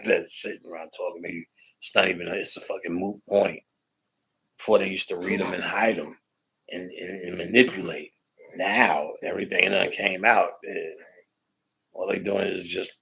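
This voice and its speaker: A man's voice: low-pitched, steady tone, normal speed, vocal fry, bright, forceful tone, husky, low-quality recording. A man hosting a loose, profane livestream, rambling and laughing with heavy slang. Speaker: livestream host.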